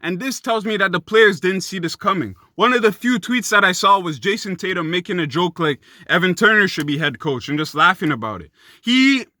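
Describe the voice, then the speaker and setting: A man's voice: high-pitched, animated, brisk, bright, forceful tone, dry recording, studio quality. Fired-up young man ranting profanely. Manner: passionate, profane, frustrated, addresses viewers as guys and bro. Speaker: sports commentary YouTuber. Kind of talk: heated sports rant.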